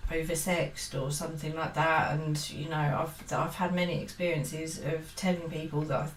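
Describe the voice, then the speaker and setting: A woman's voice: low voice, level tone, moderate pace, distant mic. A woman giving a casual, earnest book-review monologue, hesitant and full of fillers and restarts. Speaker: book vlogger. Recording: roomy echo, set back from the mic, faint hiss.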